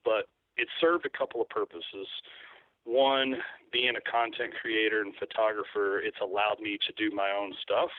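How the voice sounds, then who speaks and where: A man's voice: on the low side, little pitch movement, moderate pace, no room sound. A man with a Kentucky accent, a guest describing his work in an easygoing, rambling way. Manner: easygoing, rambling with frequent ums. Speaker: guest, turkey call maker. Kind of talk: casual interview talk. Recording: tinny dry phone line.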